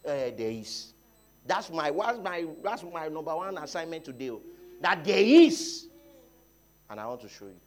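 A Nigerian man preaching a sermon, dropping to quiet talk and rising to loud shouts, often repeating his phrases. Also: fairly high pitch, sing-song, fairly quick. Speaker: pastor. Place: church hall.

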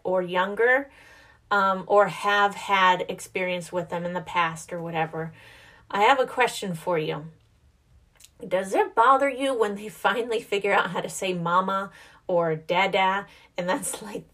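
A young woman and mother, chatting casually and rambling a little, reflective and quick to laugh. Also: medium pitch, fairly bright tone. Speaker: mother vlogger. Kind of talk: casual chat.

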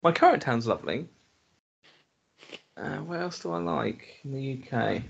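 A man's voice: medium pitch, animated, a little slow, gravelly, a little hiss or hum. Blunt grumbling Englishman, lo-fi podcast. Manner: blunt, grumbling, swears freely. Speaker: podcast co-host. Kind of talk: casual chat.

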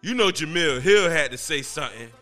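A man hosting his own podcast, talking casually in an excitable, slangy, emphatic way. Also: fairly high pitch, a little fast, soft background music. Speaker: podcast host. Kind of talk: casual solo podcast commentary.

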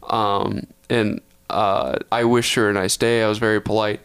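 A man's voice: lowish voice, level tone, normal speed, fairly bright tone, smooth. A young man from Texas, a podcast co-host, telling a long story in a rambling, profane way, often correcting himself. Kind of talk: casual storytelling.

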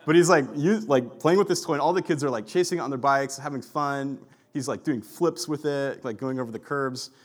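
A male pastor delivering a sermon in a relaxed, conversational style. He tells stories casually, with lots of "like" and filler words. His voice sits at an ordinary middle pitch. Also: fairly quick. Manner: chatty storyteller, heavy use of "like". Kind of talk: sermon with personal storytelling.

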